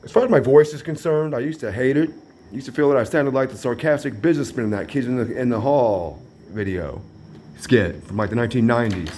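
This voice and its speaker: A man with a mid-range voice talks his way through a relaxed home tour, his delivery dry and sarcastic. A faint hum of room ambience sits under his voice. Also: mid-range voice, a little fast. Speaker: vlogger. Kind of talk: casual home tour narration.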